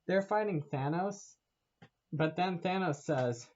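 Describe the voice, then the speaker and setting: Man, casual movie rant, rambling and swearing, laughs a lot, a bit high-pitched, dull lo-fi sound. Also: slow. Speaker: vlogger.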